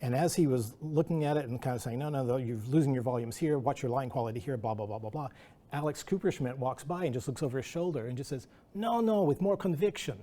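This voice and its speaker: A man's voice: mid-range voice, quick pace, mellow. A middle-aged man, a guest artist, telling rambling anecdotes at an artist talk, acting out quotes. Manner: rambling anecdotal delivery with restarts and acted-out quotes.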